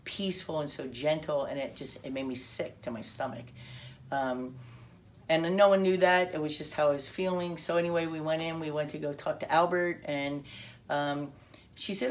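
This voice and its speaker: A woman telling her personal testimony in an animated way, acting out quotes and restarting her sentences often. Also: deep voice, moderate pace. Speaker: speaker sharing a personal testimony.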